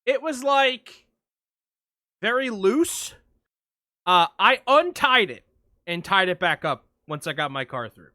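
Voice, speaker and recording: A man's voice: high voice, slow, long pauses, no room sound, studio quality. A man co-hosting a podcast, telling a long anecdote in casual chat and acting out what people said. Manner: animated anecdote telling, acts out quotes. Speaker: podcast co-host.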